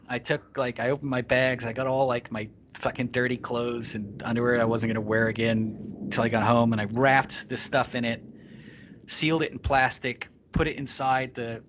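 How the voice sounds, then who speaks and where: A man's voice: medium pitch, a bit bright, slight background noise. A man, a podcast guest, telling a long travel anecdote in casual, profanity-laced talk. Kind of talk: casual storytelling.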